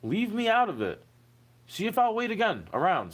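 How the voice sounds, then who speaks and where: Agitated man ranting, lively pitch. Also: moderate pace. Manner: agitated, profane, rhetorical questions. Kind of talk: ranting recorded monologue.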